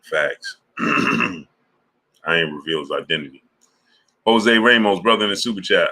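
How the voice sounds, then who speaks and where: Deep, forceful male streamer, slangy and animated, super chat shoutouts. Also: normal speed, pauses often. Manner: animated storytelling full of slang, laughs often. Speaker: sports channel host.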